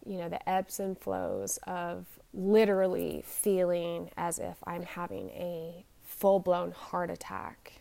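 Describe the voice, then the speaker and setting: A woman in her forties, somewhat low-pitched, recounts a personal ordeal straight to the camera. Her speech stumbles and restarts constantly, with fillers between the halting phrases. She sounds shaken and anxious as she goes on. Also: gravelly, dark tone. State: shaken and anxious while telling it. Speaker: vlogger. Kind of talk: personal storytelling.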